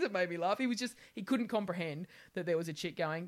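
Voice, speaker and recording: A woman's voice: on the low side, quick pace, hardly any pauses. An Australian woman in her forties, a podcast guest telling brash comic stories, laughing and swearing freely. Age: 40s. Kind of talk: comedic storytelling in a podcast interview.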